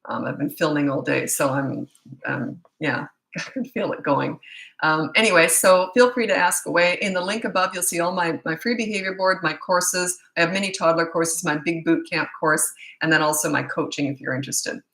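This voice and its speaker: A middle-aged woman coach fields parenting questions live, her low voice fraying as it gives out. She speaks with a bright, forceful edge. The sound bounces around a roomy space. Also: moderate pace, creaky. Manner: blunt, casual, loses track mid-thought. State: losing her voice. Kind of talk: live Q&A, answering viewer questions.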